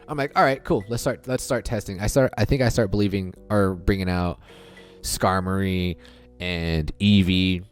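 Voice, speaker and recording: Low-voiced man, casual game commentator, talks it through as he goes, faint music underneath. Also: fairly even intonation, moderate pace, smooth. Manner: thinking out loud, chatty, many restarts and "I'm like" retellings. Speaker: gaming video creator. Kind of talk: casual game commentary over recorded play.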